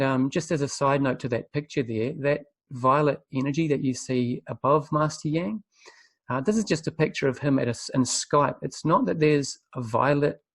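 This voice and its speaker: A man presenting a spiritual webinar, telling his story earnestly and reflectively, often pausing to find his words. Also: mid-range voice, no echo. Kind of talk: spiritual talk, personal testimony.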